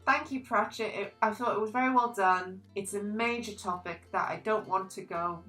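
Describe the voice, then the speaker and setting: A young woman reviewing a book in a casual, animated vlog, gushing about characters and reading quotes aloud. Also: medium pitch, normal speed, faint music behind, poor audio.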